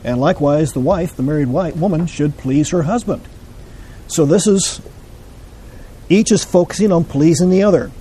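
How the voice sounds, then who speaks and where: A man teaching a Bible class, explaining scripture in a measured way and putting questions to his listeners. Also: on the high side, warm tone, breathy edge, rough recording.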